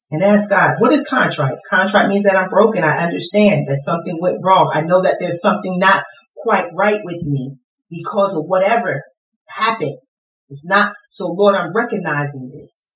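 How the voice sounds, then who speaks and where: A middle-aged woman preaching a sermon with passion, swinging from quiet to shouting. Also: lowish voice, normal speed. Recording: echoey hall from far off.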